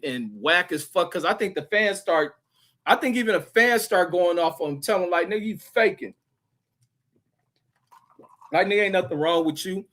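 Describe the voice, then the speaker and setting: Man, livestream host, slightly higher voice, profane, rambling, repeats himself, reads chat aloud. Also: fairly bright tone. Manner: loose, profane, repeats himself, trails off reading comments. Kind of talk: casual profane sports rant.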